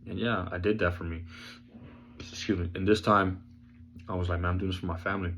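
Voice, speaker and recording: A man talking casually in a vlog, laid-back and rambling with lots of fillers, hoarse from losing his voice. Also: sits low, steady tone, a little fast, pauses often, a bit bright, a little hiss or hum. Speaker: vlogger sharing his recovery journey.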